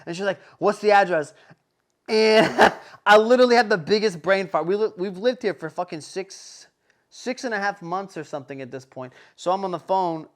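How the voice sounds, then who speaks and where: Animated young man telling a story. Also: high voice. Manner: animated, profane, rambling with fillers. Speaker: podcast host. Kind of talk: casual storytelling chat.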